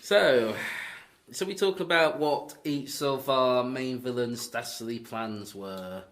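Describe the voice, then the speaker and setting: A man hosts a casual film review podcast with a sarcastic, mock-earnest delivery. His voice is bright and forceful, with a mid-range pitch. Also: slow pace. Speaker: podcast host.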